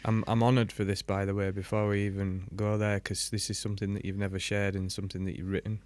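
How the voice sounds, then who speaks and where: A man's voice: fairly low pitch, flat delivery, fast talker, a little mellow. A man co-hosting a podcast who makes short, appreciative remarks to the guest. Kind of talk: casual podcast interview.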